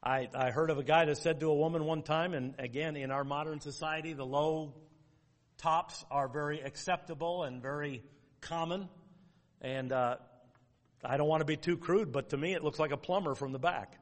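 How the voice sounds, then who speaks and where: A man delivers a sermon in a plain, folksy manner, moving through lettered points and quoting old scripture. His voice sits a little high for a man. The sound carries a long reverb from the church hall. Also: fairly even intonation, normal speed. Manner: folksy, outline-driven preaching with quoted scripture. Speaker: pastor.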